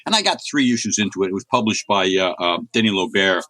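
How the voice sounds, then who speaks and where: A man's voice: lowish voice, animated, fast, bright, forceful tone, no echo. Chatty middle-aged man telling stories. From United States. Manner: chatty, rambling anecdotes with many restarts. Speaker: interview guest, comics writer. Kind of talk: casual storytelling in an interview.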